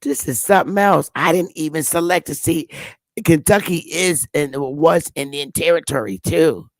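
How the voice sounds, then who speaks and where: A woman hosting a casual livestream, talking bluntly with profanity and excited exclamations. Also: deep voice, normal speed, no room sound. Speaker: livestream host.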